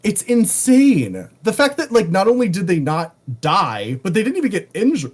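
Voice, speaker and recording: A podcast co-host in a casual movie review chat, animated and swearing, with lots of "like.". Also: mid-range voice, fairly quick, breathy edge.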